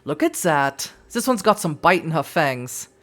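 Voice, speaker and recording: A woman's voice: low-pitched, sing-song, measured pace, a bit bright, heavily acted. A woman doing a crude vampire broker with a German accent. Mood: scornful. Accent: put-on German. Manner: crude, contemptuous, barking orders. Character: sneering male vampire info broker.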